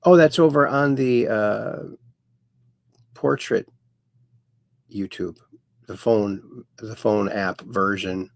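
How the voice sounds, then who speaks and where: A man's voice: fairly low pitch, slow pace, creaky, long pauses, no room sound. A man hosting a casual livestream, reading viewers' chat messages aloud in a folksy, playful sing-song way. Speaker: host.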